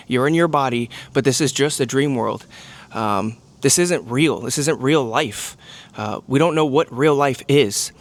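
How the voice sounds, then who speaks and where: A man talking casually to camera in a motivational monologue, rambling with lots of "um" and "you know". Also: mid-range voice. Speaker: vlogger.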